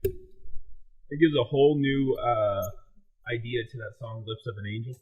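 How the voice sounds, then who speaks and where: A man's voice: medium pitch, measured pace, narrow, tinny audio. A man teasing his friends with dry jokes in a casual chat.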